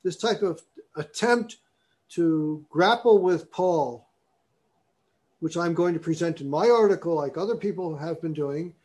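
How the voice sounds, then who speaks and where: A man lecturing in a classroom, his voice sitting a little higher than most men's. He talks in a discursive way, circling back on his points, and now and then he reads passages aloud with stress on the key words. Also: unhurried, darkish tone. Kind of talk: university lecture.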